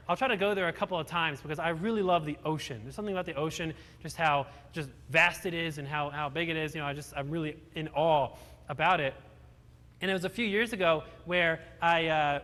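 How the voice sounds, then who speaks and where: A young man in his twenties from Virginia tells a personal story to an audience, earnest and animated. His voice sits high and sounds bright and forceful. It rings out with the long reverb of a large hall. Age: 20s.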